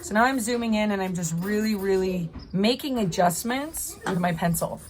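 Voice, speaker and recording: A woman's voice: medium pitch, normal speed. A woman art teacher talking through a drawing as she works, encouraging her viewers step by step. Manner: encouraging, talks while drawing. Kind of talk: live drawing tutorial.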